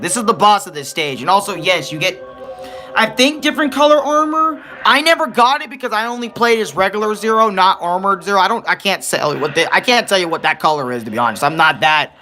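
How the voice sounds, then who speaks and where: This young man's voice is high and sharp as he offers loose, rambling game commentary. A gaming streamer, he swears freely and keeps correcting himself mid-thought.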